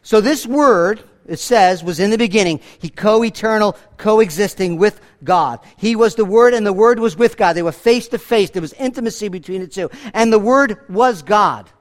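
A male pastor preaching a sermon to a church congregation, emphatic, swinging between loud declarations and hushed lines, asking rhetorical questions. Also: normal speed, few pauses. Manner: emphatic preaching with big swings in pitch and loudness.

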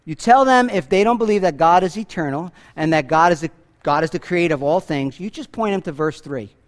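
A male pastor preaching a sermon to a church congregation, emphatic, swinging between loud declarations and hushed lines, asking rhetorical questions. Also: brisk. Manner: emphatic preaching with big swings in pitch and loudness.

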